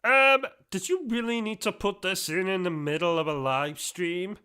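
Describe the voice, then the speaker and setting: A man's voice: high-pitched, normal speed, bright, forceful tone, smooth. A man voicing a meek, dim-witted male manservant who talks in hesitant, puzzled bursts. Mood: timid.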